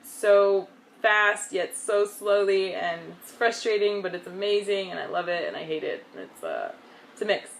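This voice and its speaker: A young woman from the United States chatting casually in a vlog, bubbly and excitable. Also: medium pitch, moderate pace, vocal fry, slight background noise. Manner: bubbly and excitable, with frequent laughs. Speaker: vlogger.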